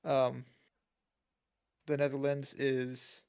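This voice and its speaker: Gravelly young man in casual podcast chat. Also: medium pitch, completely flat delivery, drawn-out words, darkish tone. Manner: laughs often, filler-heavy, rambling. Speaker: podcast co-host.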